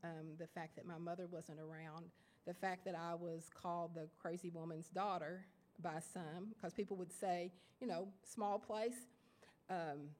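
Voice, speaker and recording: A woman with an Appalachian Kentucky accent giving a lecture to an audience of writers, self-deprecating and halting, with many fillers and restarts. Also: lowish voice, fairly even intonation, a little mellow. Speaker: guest lecturer. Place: lecture hall before an audience.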